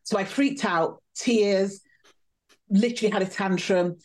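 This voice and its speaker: Woman, podcast guest, vivid storytelling, medium pitch. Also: unhurried. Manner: animated, vivid storytelling with laughs. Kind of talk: storytelling interview.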